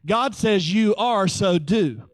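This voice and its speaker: A man preaching a sermon in a lively, joking way, acting out little voices as he teaches. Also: sits high, slow pace, no echo. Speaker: pastor.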